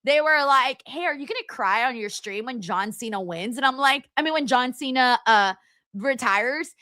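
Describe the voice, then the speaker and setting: A woman's voice: high-pitched, moderate pace, bright, forceful tone, dry recording. A young woman hosting a live-stream watchalong, chatting casually and giggling as she reads out viewer comments.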